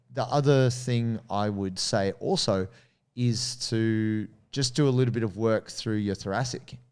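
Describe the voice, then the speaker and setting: A man's voice: medium pitch, a little mellow. A man with an Australian accent, co-hosting a podcast and explaining training advice in a coaching, explanatory tone, speaking directly to listeners. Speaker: podcast co-host. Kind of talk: casual podcast chat giving training advice.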